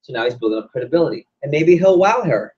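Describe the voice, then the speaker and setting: A man's voice: on the high side, expressive, fast talker, darkish tone, slightly rough, muffled recording. A man running an interactive sales training session, quizzing the room and acting out examples. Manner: quizzes audience, acts out examples.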